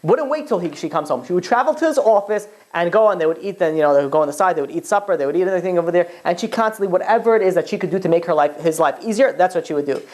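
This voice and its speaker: A low-pitched woman tells a story in a religious talk. She keeps stopping and restarting her sentences and leans on "you know" as she goes. Her phrasing carries bits of Yiddish-flavored slang. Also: lively intonation, darkish tone. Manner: halting, full of restarts and "you know" fillers.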